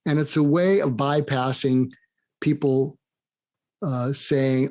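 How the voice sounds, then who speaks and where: An older man, a psychiatrist and author, telling stories in an interview and animatedly acting out quoted dialogue. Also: a little slow. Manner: animated storyteller, acts out quoted dialogue with rising pitch. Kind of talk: conversational storytelling interview.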